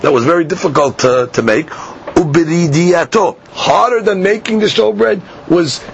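Gravelly man teaching a Talmud class. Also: fairly high pitch. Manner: reads Aramaic lines slowly, then explains them in English. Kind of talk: Talmud class, reading and translating. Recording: dull lo-fi class recording with faint hiss.

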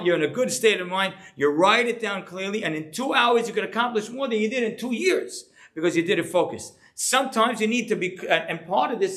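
Middle-aged guy rabbi giving a chatty sermon, kinda high voice, gets really animated. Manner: animated, conversational preaching with rising emphasis.

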